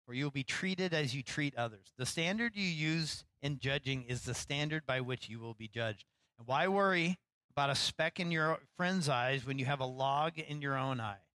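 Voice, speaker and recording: A man, a pastor, preaching a sermon in a relaxed, conversational way, acting out lines with rising animation and poking fun at himself. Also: medium pitch, normal speed, dry recording, low-quality recording. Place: church.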